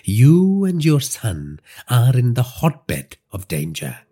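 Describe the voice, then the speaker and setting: A man's voice: mid-range voice, wildly swooping pitch, slow, mellow, slightly rough, voice pushed up, heavily acted. A man reading a crime audio story and voicing a stern middle-aged pastor who speaks in an emphatic, preaching way.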